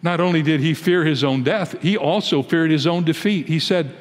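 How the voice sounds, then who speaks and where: An American man in his eighties, a pastor giving an emphatic, deliberate sermon in a large church. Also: a little high, long reverb tail. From United States. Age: 80s. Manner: emphatic, deliberate preaching that rises into pleading when quoting prayers.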